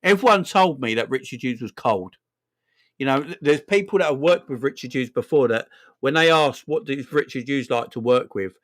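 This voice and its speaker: A young man from England hosting a fan live stream, animated and laughing, with lots of slang and repetition. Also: medium pitch, moderate pace. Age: young adult. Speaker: fan channel host. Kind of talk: casual live-stream chat.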